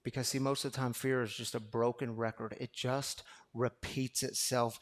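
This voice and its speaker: A man's voice: mid-range voice, fairly even intonation, moderate pace, hardly any pauses. A man preaching a sermon to a live congregation, calling them y'all and acting out a talk with his own fear. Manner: acts out inner dialogue with fear. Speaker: pastor. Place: room with a live audience.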